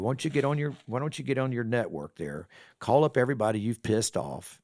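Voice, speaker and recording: A man's voice: medium pitch, fairly quick, no room sound, studio quality. A middle-aged man, a car wash owner telling a story on a podcast and acting out both sides of the conversation. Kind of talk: casual storytelling interview.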